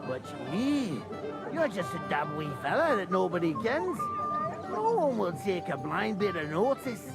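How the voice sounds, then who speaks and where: An actor playing a rowdy, hard-drinking Moravian man with a Scottish accent, gruff, blunt and swearing, in a video game. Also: sits high, very animated, a little slow, loud music behind the voice, exaggerated voice. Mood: brash.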